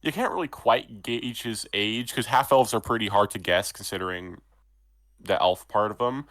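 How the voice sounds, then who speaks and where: A man narrating as game master of a tabletop role-playing game, relaxed and meandering with frequent ums. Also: on the low side, moderate pace, no echo.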